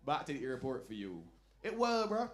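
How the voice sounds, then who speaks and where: A man performing a stand-up comedy set, telling loud, animated stories and dropping into low asides. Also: normal speed. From Barbados. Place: lounge comedy night.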